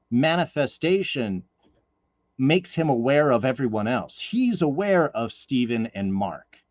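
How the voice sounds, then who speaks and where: A man's voice: mid-range voice, dry recording. A male podcast host talks things through in a thoughtful, meandering way, filling gaps with ums and uhs. His voice sits mid-range. The sound is dry and dull, like a lo-fi home mic. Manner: thoughtful, rambling, lots of fillers. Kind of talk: casual podcast discussion.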